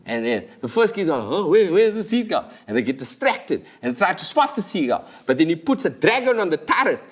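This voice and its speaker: A South African man delivers a comic monologue with a lively, bouncing pitch that rises and falls wildly. He hosts in a jokey, animated way and slips in and out of characters. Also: brisk. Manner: animated, jokey, swings between voices. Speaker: comedian host.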